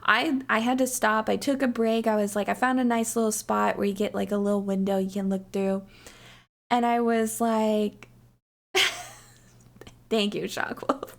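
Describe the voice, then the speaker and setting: A woman's voice: moderate pace, gravelly. A woman streamer telling a long hiking story in casual chat, rambling with lots of fillers and acting out her friends' lines. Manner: animated, rambling, lots of "like" and "you know"; acts out what friends said with sudden high-pitched swoops.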